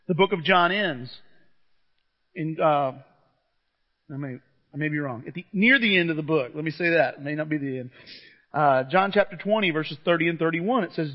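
A man's voice: high-pitched, lively intonation, normal speed. A middle-aged man preaching a sermon in a conversational, enthusiastic storytelling manner, recorded in a church. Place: church hall. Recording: muffled church recording with long reverb.

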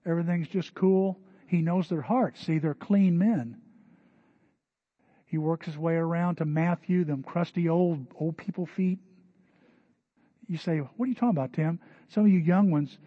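A man preaching a sermon, telling a story in a lively way and acting out the voices of the people in it. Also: fairly high pitch, slightly rough, no room sound, dull audio. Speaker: pastor.

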